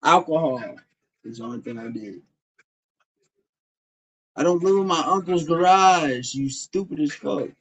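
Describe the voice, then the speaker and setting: A man's voice: fairly high pitch, unhurried, long pauses, breathy edge. A man from Illinois on a livestream, arguing with his chat in a profane, confrontational, trash-talking way. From Champaign, Illinois, USA. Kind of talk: heated livestream argument.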